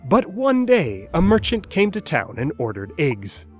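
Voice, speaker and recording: A man's voice: on the high side, wildly swooping pitch, unhurried, faint music behind. A man giving scripted narration for an educational video in a playful, wry explaining manner.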